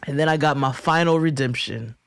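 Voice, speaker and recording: A woman co-hosting a podcast, spinning a long story in loose, animated chat. She laughs through her lines and swears freely. Her voice sits close and dry on the mic, with no room sound. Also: low voice, brisk, vocal fry, smooth, dry recording. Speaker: podcast co-host.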